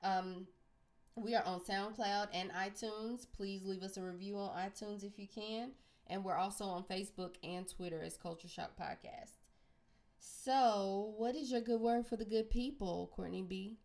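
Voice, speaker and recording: A woman hosting a podcast, speaking in an earnest, measured way. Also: mid-range voice, fairly even intonation, a little mellow. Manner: earnest, measured, wraps up episodes. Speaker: podcast host. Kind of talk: casual podcast chat.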